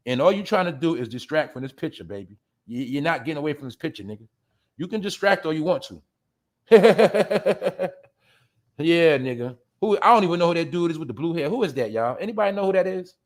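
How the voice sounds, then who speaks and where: Male host with a high voice, brash and profane commentary style. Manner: profane, blunt, addresses listeners as y'all; laughs at his own jabs. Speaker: show host. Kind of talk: ranting commentary.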